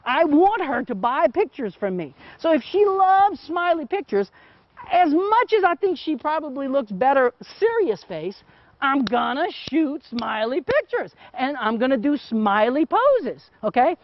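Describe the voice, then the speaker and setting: This middle-aged man has a very high voice and is very animated, speaking unhurriedly in a dry recording with a dull, muffled sound. He teaches photography hands-on as he works, talking casually and chatting. He checks in with "okay?" over and over.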